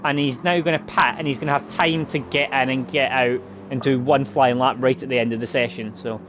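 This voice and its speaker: A man commentating a sim racing broadcast in a chatty way, laughing and quickly correcting himself. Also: medium pitch, fairly even intonation, noisy background. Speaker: race commentator.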